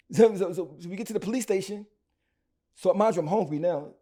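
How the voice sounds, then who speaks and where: A man from Philadelphia with a Philly accent, telling his story as a rapper guest in an interview in slangy, animated bursts full of restarts. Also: high voice, a little fast.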